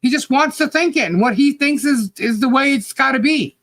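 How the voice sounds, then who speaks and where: A man's voice: very high-pitched, fairly quick, a bit bright, no echo. Podcast guy ranting, blunt, rambly, lots of "you know", dry close sound. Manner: blunt, swears casually. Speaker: podcast co-host. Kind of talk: critical commentary chat.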